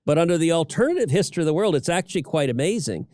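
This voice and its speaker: Middle-aged male co-host, forceful political commentary with stuttered restarts, close dry mic. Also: on the high side, big pitch swings, very fast, dry recording. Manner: emphatic, repeats words when starting sentences. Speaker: senator and podcast co-host.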